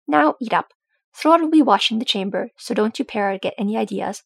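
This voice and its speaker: A prim old dwarf grandmother, bossy and scolding, as a woman puts her on. The voice is husky and gravelly, recorded dry. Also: fairly high pitch, animated, a little fast, no echo, full character voice.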